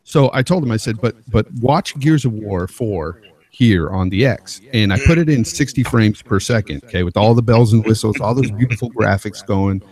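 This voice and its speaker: A man's voice: on the low side, moderate pace. A man, a father of a twelve-year-old, telling a story in casual podcast chat over a home mic. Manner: storytelling, animated retelling. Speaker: podcast co-host.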